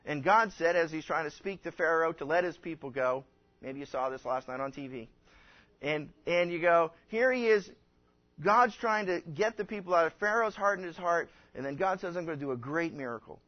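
A man's voice: fairly high pitch, animated, moderate pace. A man preaching a conversational sermon as a pastor, folksy and rambling, acting out the people he quotes. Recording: dull lo-fi recording.

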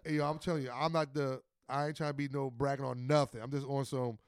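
A man hosting a casual podcast chat, an animated and profane storyteller. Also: mid-range voice, fast, smooth, no echo, clean studio sound. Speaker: podcast host.

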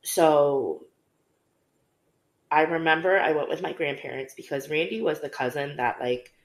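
A woman's voice: low-pitched, measured pace. A young woman casually telling a candid story on a podcast, with many fillers. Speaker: podcast co-host. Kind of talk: casual conversation. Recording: roomy echo.

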